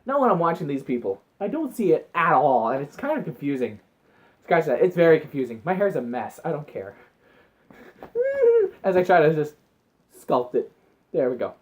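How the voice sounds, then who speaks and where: Lively rambling man vlogging. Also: on the high side, moderate pace. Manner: rambling, excitable storytelling with acted-out asides. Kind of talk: casual vlog chat to camera.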